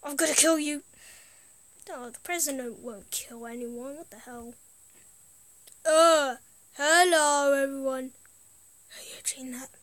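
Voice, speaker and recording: Female gaming host: high voice, slow rambling chat, dry close sound. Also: fairly bright tone. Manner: rambling, easily amused, trails off. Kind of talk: casual gameplay commentary.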